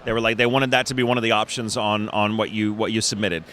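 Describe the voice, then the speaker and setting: Middle-aged male voice actor from Texas, bright tone, animated and rambling, convention interview with faint background hum. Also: lowish voice, fast talker. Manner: animated, restarts often, laughs easily. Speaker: voice actor guest.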